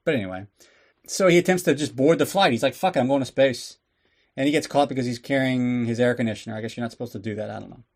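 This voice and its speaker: A man's voice: mid-range voice, very fast, creaky. A man hosting a podcast who recaps a film in a casual, sarcastic way, swearing and riffing as he goes. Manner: sarcastic and profane, riffing on the plot. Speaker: podcast host. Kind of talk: casual comedic movie recap.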